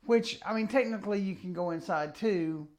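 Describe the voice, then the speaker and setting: Joking, animated podcast co-host man. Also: sits high. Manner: animated, joking, with quick asides. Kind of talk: casual chat.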